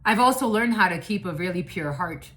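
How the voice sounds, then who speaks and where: A woman's voice: lowish voice, animated, brisk, a bit bright. A woman giving a casual spiritual reading, blunt and profane, who rambles, restarts and laughs often. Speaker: psychic reader.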